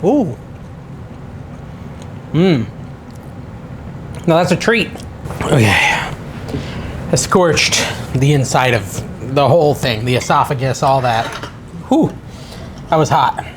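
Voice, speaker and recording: A man's voice: medium pitch, animated, slow, pauses often, noisy background. A man hosting a casual home cooking vlog, chatting and thinking aloud in his kitchen with a self-deprecating manner. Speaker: cooking channel host.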